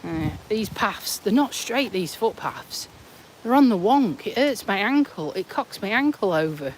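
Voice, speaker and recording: An English woman chatting to her live viewers while she walks along a roadside footpath, teasing and laughing often, a little out of breath, speaking into a hand-held phone. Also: mid-range voice. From England. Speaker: vlogger. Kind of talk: casual live-stream chat. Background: passing traffic.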